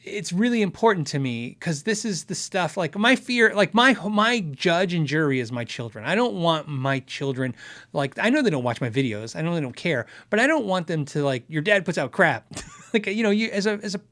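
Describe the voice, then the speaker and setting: A man's voice: on the high side, sing-song, moderate pace, a bit bright. A man hosting a guitar tech channel, answering viewer questions in a live-stream chat, earnest and thinking aloud with many restarts.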